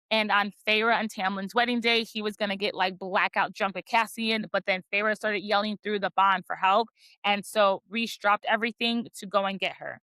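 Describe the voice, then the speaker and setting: Bright-voiced woman recapping a book. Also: mid-range voice, no echo. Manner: chatty, heavy use of "like" as filler; playful, teasing about spicy scenes. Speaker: book podcast co-host. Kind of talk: casual chapter recap.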